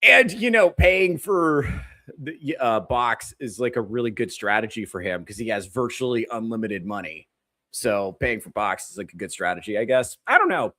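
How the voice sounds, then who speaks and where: A man's voice: medium pitch, expressive, moderate pace, sharp tone, dry recording. A man hosting a comedy podcast, ranting with crude, sarcastic mockery. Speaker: podcast host. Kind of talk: comedic commentary rant.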